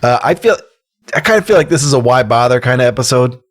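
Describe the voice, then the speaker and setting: A man co-hosting a podcast, talking with jokey enthusiasm and animated storytelling about a punk band. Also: medium pitch, quick pace. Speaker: podcast co-host. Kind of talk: casual record-review chat.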